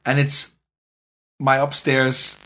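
A man co-hosting a podcast, telling a long story in a casual, animated way and acting out the dialogue. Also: medium pitch, slow. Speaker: podcast co-host.

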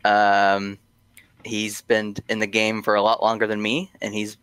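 Low smooth guy on a podcast, lots of um, restarts, dry mic. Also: monotone, measured pace, fairly bright tone, no echo. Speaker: guest from a tobacco brand. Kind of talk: casual podcast interview.

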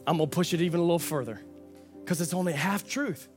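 A man's voice: on the high side, fast talker, a little mellow, faint music behind. A man preaching a sermon as pastor, emphatic, with lots of repetition and acted-out quotes.

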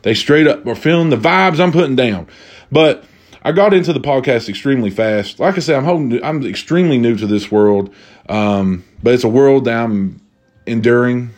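A man's voice: medium pitch, normal speed, darkish tone. A young man talks alone into the mic for his podcast, loose and slangy, circling back on his own phrases. He rambles easily from one thought to the next with a drink close by. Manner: drinking while talking. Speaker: podcast host. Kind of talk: casual solo podcast chat.

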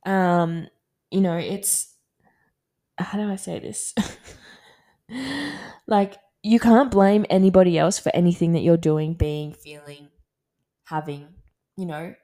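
A woman in her twenties with an Australian accent, talking candidly and casually about her own life, with many fillers and soft laughs. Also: on the low side, fairly even intonation, slow pace, pauses often. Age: 20s. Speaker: podcast host. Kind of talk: casual personal talk.

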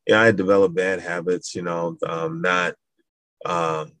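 A middle-aged man from Madison, Wisconsin, talking casually as an interview guest, animated storytelling. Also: low-pitched, measured pace, no room sound. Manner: animated, acts out voices in his stories, laughs. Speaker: guest, school founder.

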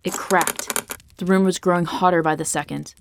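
A woman's voice: lowish voice, steady tone, normal speed, vocal fry, slight background noise. A woman narrating a fantasy story podcast in a dramatic, tense storytelling manner. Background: faint guitar music.

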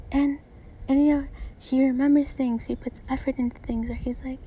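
A woman's voice: on the high side, little pitch movement, moderate pace, dark tone, slight background noise. A young woman hosting her own podcast, talking in a blunt, profane, rambling way full of fillers. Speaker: podcast host. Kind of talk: casual solo podcast monologue.

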